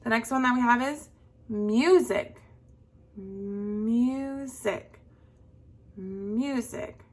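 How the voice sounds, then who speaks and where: A young woman teaches young children in a slow, patient classroom lesson, speaking at a moderate pace in a voice on the high side. She lengthens words in a sing-song tone so the class can echo them.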